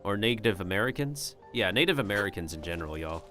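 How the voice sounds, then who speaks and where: A man's voice: fairly low pitch, lively intonation, fast, pushed and bright, soft background music. Rambling, jokey male game streamer. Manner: rambling and jokey, talks to his chat and slips in joke drawls. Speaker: livestreamer. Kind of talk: casual gameplay commentary.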